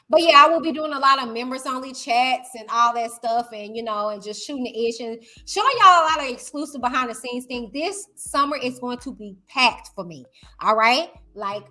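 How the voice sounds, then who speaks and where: A woman hosting a casual commentary vlog, talking loud and high-energy straight to her viewers. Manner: chatty, addresses viewers directly. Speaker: YouTuber host.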